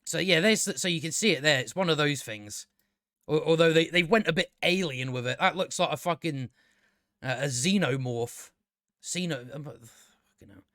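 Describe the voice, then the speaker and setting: A man's voice: on the high side, normal speed, bright, forceful tone, no echo. Sweary man ranting, dry sound. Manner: sweary, exasperated, stammering restarts. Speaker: show reviewer. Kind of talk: casual ranting review commentary.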